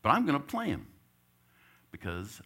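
A man's voice: mid-range voice, moderate pace, husky. A middle-aged man, a church elder, telling a story in a sermon, chuckling often and acting out the voices of the people in it. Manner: animated, laughs often, acts out quotes.

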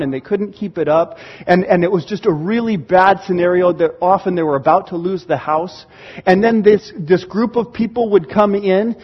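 Pastor guy preaching in church, acts out excited reactions, kinda raspy and muffled. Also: high voice. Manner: animated storytelling, acting out excited reactions. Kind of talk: sermon. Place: church sanctuary.

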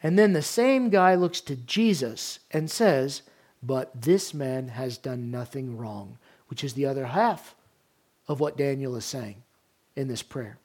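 A male pastor delivering a sermon, moving from quiet, hushed passages to loud, emphatic ones. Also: mid-range voice, measured pace.

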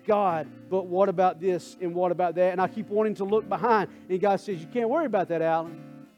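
A man preaches a sermon in a high, ringing voice, dropping into hushed prayer and then climbing back to loud, urgent calls to his congregation. Soft guitar plays faintly beneath him. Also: brisk. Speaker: pastor. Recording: faint guitar music underneath.

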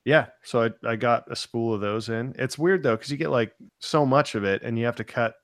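A man's voice: medium pitch, fairly quick, no echo, studio quality. A man hosting a casual live-stream chat, rambling and peppering his talk with "like". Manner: rambling, full of "like". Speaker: show host.

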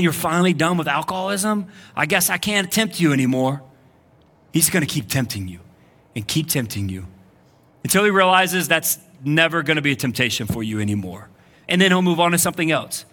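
A male pastor gives a lively, conversational sermon to a church congregation. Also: on the high side. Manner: energetic, conversational preaching with frequent "like". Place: church sanctuary. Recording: live church service recording.

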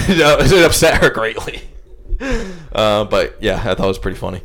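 A man's voice: on the low side, animated, moderate pace, a bit bright. A young man hosting a podcast, telling a rambling, profane anecdote full of "like" in casual chat. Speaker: podcast host.

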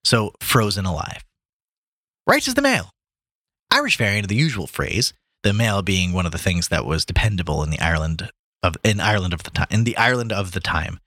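A man with a low voice, bright in tone, reads a story aloud for a podcast. His pitch moves a lot as he slips into voices for the characters, and the sound is dry and close. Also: quick pace, no echo. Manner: reads aloud with lively put-on voices for characters, stumbling over words. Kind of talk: casual reading and chat about a book.

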